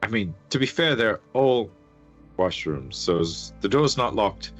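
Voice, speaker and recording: A man's voice: fairly low pitch, expressive, unhurried, faint music behind. A man voicing a polite female tavern server who answers hesitantly and matter-of-factly.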